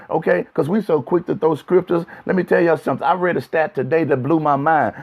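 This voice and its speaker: A man, a pastor, giving a casual livestream sermon talk, chatty and repetitive, speaking straight to his viewers. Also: fairly high pitch. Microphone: phone livestream. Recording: dull lo-fi phone stream.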